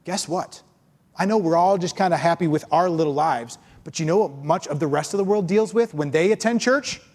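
Guy pastor preaching, lively, mocks complainers in silly voices, big echoey church. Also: fairly high pitch, a little fast. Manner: animated, acts out complainers in mocking voices. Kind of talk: sermon.

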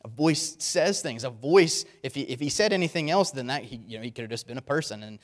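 Male preacher, medium-pitched voice, earnest and emphatic sermon delivery. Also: animated, fairly quick. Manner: earnest, emphatic, repeats key words.

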